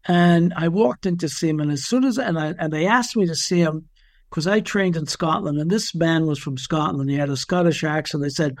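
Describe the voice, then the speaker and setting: A middle-aged man who works as an ethicist, telling stories in a measured, conversational way and sometimes stumbling on his words. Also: fairly high pitch, a little mellow, no echo, clean studio sound. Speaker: ethicist and physician doing assessments. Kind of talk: conversational storytelling.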